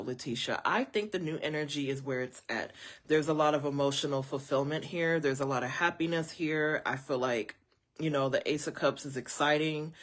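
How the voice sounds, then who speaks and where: Woman tarot reader, live stream; low voice, very animated pitch, chatty. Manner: chatty, animated, lots of fillers, speaks to viewers as y'all. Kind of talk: casual live-stream reading.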